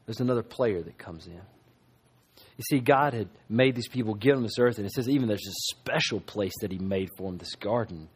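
A man preaching a sermon as pastor, emphatic, moving between loud stresses and hushed asides. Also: fairly low pitch, a little fast, slightly rough.

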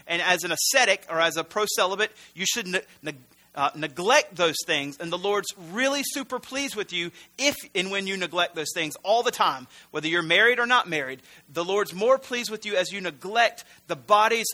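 A man's voice: sits high, expressive, normal speed, sharp tone. A man preaching as a pastor in a conversational, earnest style, often correcting himself mid-sentence. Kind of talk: sermon.

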